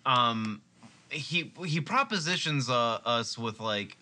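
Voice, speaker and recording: A man chatting casually while playing a video game, rambling and excitable. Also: mid-range voice, takes it slowly. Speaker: let's play co-host. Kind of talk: casual gameplay chat.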